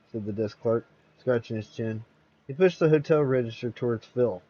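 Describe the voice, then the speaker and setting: A man hosting and reading a horror story aloud, steady with occasional slips and restarts. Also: on the low side, brisk, highs cut off. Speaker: host and storyteller.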